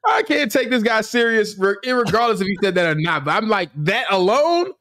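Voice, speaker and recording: A man co-hosting a casual sports podcast, ranting in an animated, exasperated way. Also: high-pitched, brisk, dry recording, studio quality. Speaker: podcast co-host.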